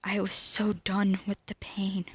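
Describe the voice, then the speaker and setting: A teenage girl speaking to camera about her own life, emotional and halting, often dropping to a whisper. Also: medium pitch, monotone, fairly bright tone, slightly rough, no echo. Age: teens. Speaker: student vlogger. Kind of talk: personal talk to camera.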